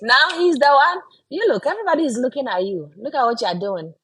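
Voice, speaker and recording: A woman's voice: high-pitched, animated, brisk, a bit bright, slight background noise. Chatty woman hosting a live stream. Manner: chatty and encouraging, often tags "right?". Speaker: live-stream host and mother. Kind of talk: casual live-stream chat.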